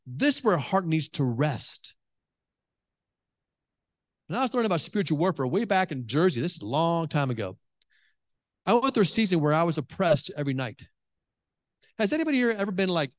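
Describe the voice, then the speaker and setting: A male pastor preaching, his voice sitting a little high for a man. He tells his stories in an animated way, full of restarts and filler words. The sound is dry and close, with little room around it. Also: no echo. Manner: animated storytelling, many restarts and "like". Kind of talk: sermon. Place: church hall with congregation.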